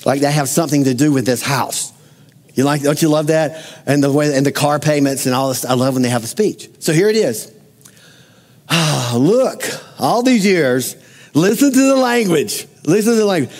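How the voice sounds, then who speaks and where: A man's voice: on the high side, moderate pace, a little mellow, long reverb tail. A man preaching a sermon to a congregation in a conversational way, asking them direct questions. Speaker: pastor.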